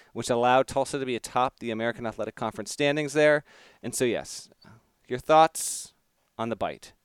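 A man's voice: mid-range voice, clean tone, no echo. A man in his thirties co-hosting a sports podcast, teasing his partner with dry humor in casual chat. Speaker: podcast co-host.

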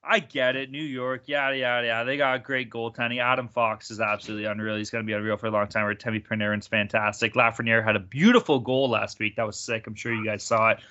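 A man's voice: medium pitch, little pitch movement, fast, hardly any pauses, pushed and bright. A man hosting a casual sports betting podcast, laughing often and swearing freely. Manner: laughing, profane, upbeat. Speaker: podcast host. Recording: dull lo-fi sound.

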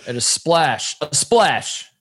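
Excitable man rambling about sports. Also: a little high, slow pace, husky. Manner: rambling, restarts, excitable bursts. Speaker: podcast co-host. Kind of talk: casual sports chat.

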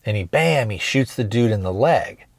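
Low-voiced man recapping a movie. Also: expressive, normal speed, no echo. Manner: rambling, hesitant retelling with many restarts. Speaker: podcast host. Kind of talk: casual movie review recap.

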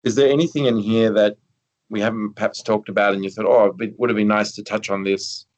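A male interview host, asking a question haltingly as he searches for the words. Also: on the low side, steady tone, low-quality recording. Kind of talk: conversational interview.

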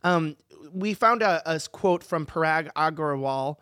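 A woman's voice: low-pitched, unhurried, a bit bright, smooth, no echo, studio quality. Brash joking woman co-host. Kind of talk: casual political commentary.

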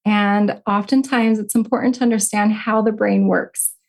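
A woman's voice: medium pitch, fairly even intonation, moderate pace. A middle-aged woman, a life coach and podcast guest, telling a personal story and teaching in an earnest, heartfelt way. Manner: earnest, heartfelt, gently instructive.

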